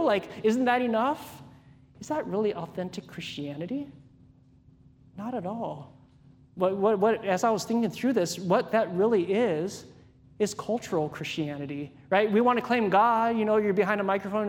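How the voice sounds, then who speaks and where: A man's voice: high-pitched, unhurried, big-room sound. A man preaching a sermon in a conversational way, asking the congregation questions and acting out everyday examples. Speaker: pastor.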